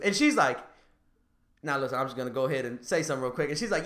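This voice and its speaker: A man's voice: fast, pauses often, roomy sound. A man hosting a podcast, telling a dating story in casual chat and laughing as he gets worked up. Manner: animated, laughing storyteller, rises high when excited. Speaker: podcast host.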